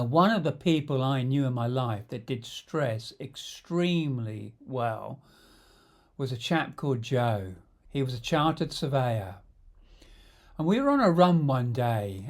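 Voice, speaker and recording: Slow-spoken male storyteller. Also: medium pitch. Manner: unhurried, conversational, chuckling. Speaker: storyteller and coach. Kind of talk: memoir storytelling.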